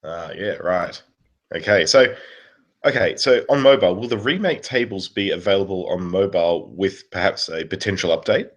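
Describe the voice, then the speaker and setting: A man co-hosting a podcast with a very deep voice and a husky edge. He reads listener questions aloud in an easygoing, casual way. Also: expressive, moderate pace, muffled recording. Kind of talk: casual chat.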